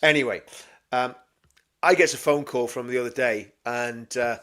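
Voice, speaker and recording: A man co-hosting a casual livestream chat, telling a story and acting out other people's voices as he goes. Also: normal speed. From England. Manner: animated anecdote-telling, mimics voices with big pitch jumps. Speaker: co-host of a political livestream.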